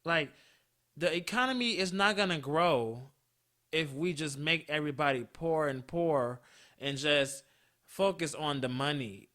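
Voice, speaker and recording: A man in his twenties hosting a solo podcast, swearing constantly and swinging between heated outbursts and low mutters. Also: a little slow, fairly bright tone. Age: 20s. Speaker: podcast host.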